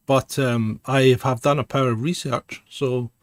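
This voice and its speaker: A man co-hosting a casual podcast, telling stories with animated impressions of friends. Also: mid-range voice, a little slow, no room sound, clean studio sound. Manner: animated storyteller, mimics a friend's voice. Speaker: co-host.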